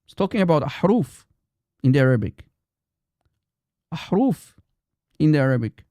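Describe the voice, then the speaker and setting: A man's voice: fairly high pitch, sing-song, moderate pace, mellow, dry recording. A man hosting a live stream, arguing in a combative, repetitive way and firing challenges at his audience. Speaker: livestream host. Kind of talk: heated live-stream polemic.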